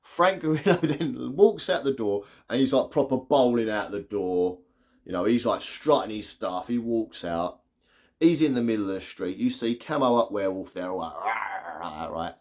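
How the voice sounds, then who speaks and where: A man giving a casual, excitable spoiler review of a movie, retelling scenes with lots of "like". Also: medium pitch, normal speed. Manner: chatty, excitable retelling full of "like".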